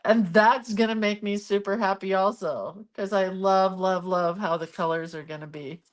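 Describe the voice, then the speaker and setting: A woman's voice: mid-range voice, fairly even intonation, moderate pace, hardly any pauses. A woman hosting a casual live art stream from her home craft room, chatting and greeting viewers by name. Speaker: art livestream host.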